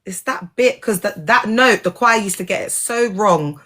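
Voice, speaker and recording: A former church member turned vlogger rambles casually in a monologue, her medium-pitched voice animated and fairly bright at a normal pace. She's blunt and sarcastic, repeatedly checking whether the listener is following her.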